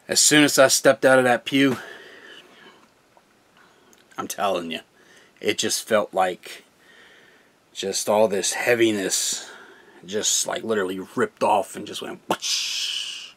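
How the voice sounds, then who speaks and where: A man's voice: lowish voice, unhurried, long pauses, a bit bright. A young man, a gaming channel host, talking casually and earnestly about his faith, rambling and laughing often. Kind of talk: casual personal testimony.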